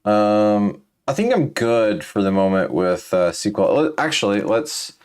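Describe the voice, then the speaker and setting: A man's voice: fairly low pitch, very animated, a little slow, clean tone. A tired man hosting a casual programming walkthrough, thinking aloud with many fillers and restarts. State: tired, yawning. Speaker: programming tutorial host.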